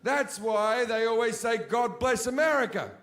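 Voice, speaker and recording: Stand-up comic, man, high-pitched, crude, ranting, stage mic in a theater. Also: moderate pace, noisy background. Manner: crude, profane ranting with rising shouts. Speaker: stand-up comedian. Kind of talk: stand-up comedy. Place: theater stage before a live audience.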